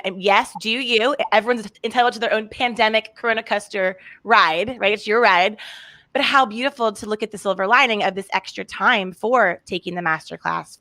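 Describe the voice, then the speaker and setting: A woman hosting an interview, chatty and enthusiastic, quick to agree with her guest. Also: medium pitch, fairly bright tone, no room sound. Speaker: host. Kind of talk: interview on leadership. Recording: dry, close sound.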